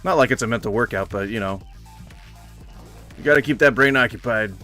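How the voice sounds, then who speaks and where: A man giving casual commentary while playing a game, muttering to himself with sarcastic, mock-formal complaints and sudden loud outbursts. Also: medium pitch, fairly quick, soft background music. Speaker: gaming streamer.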